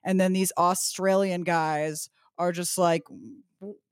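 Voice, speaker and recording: A woman's voice: fairly low pitch, level tone, unhurried, clean tone, no echo, clean studio sound. A woman co-hosting a podcast, recapping a TV episode in a chatty, sarcastic way with lots of "like". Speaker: podcast co-host. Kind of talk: casual recap chat.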